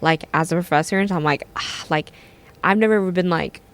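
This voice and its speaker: A woman's voice: on the low side, fast talker. A young woman co-hosting a student podcast, chatting in an upbeat way with lots of "like". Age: young adult. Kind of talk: casual chat.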